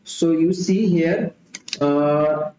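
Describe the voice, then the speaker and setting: A man's voice: a little high, extremely slow, dark tone, slight background noise. Man tutoring, dull roomy audio. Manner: repetitive, thinking aloud with fillers. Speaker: exam tutor. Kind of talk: mock test lecture. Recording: dull, roomy home recording.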